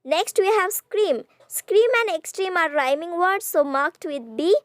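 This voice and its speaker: A woman tutor with an Indian English accent, patiently explaining a poetry exercise and reading lines aloud slowly. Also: very high voice, animated, no echo. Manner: slow, patient, reads verse lines aloud in drawn-out tones.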